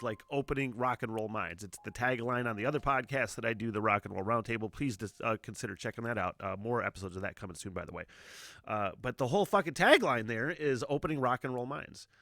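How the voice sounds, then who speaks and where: A man's voice: medium pitch, sharp tone, no echo. Rambling, swearing middle-aged man, dry close sound. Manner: rambling, swears freely, many fillers. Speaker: music reaction host. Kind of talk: casual reaction commentary.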